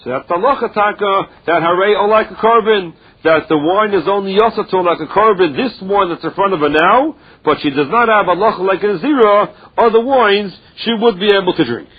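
A man with a high, breathy-edged voice talks a little fast with hardly any pauses while teaching a Talmud lesson. He reads in a study chant, explains in English laced with Aramaic and Hebrew terms, and keeps a chanting rhythm, all on a dull lo-fi recording.

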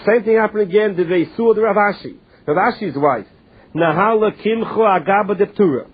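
Husky man teaching Talmud over the phone. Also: high voice, brisk. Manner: reads Aramaic lines, then explains in English with restarts. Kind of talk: Talmud class, translating text. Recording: tinny phone-line audio.

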